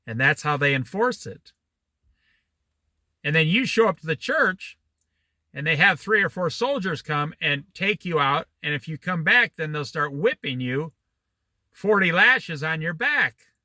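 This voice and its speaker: A man in his sixties leading a Bible study, reading scripture and wandering into opinionated, animated asides and stories. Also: on the high side, unhurried, no room sound. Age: 60s. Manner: opinionated, digressive, animated storytelling. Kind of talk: Bible study teaching with commentary.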